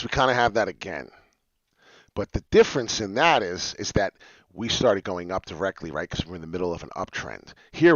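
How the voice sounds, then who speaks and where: Lively-voiced man talking crypto charts. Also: on the low side, no echo. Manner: excitable, talks straight to followers. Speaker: crypto chart analyst streamer. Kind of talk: casual live-stream chart talk. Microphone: webcam mic, seen on stream. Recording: dull lo-fi dry stream audio.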